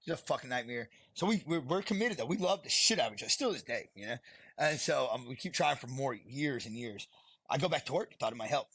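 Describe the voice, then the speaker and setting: A man's voice: medium pitch, expressive, quick pace, a bit bright, husky. A middle-aged man, a podcast guest telling his story bluntly and profanely, rambling as he goes. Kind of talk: candid storytelling.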